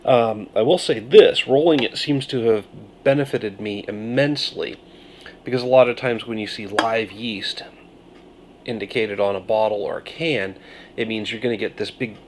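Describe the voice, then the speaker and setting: A man reviewing a beer on his video channel, musing through his tasting notes with pauses and thoughtful hums. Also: on the low side, creaky, a little hiss or hum. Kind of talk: casual beer review vlog.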